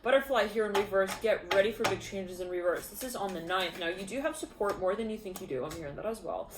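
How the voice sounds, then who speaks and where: A woman's voice: mid-range voice, fast talker, reverberant, noisy background. A woman giving a casual spoken tarot reading, chatty and full of fillers, giggling often. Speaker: tarot reader.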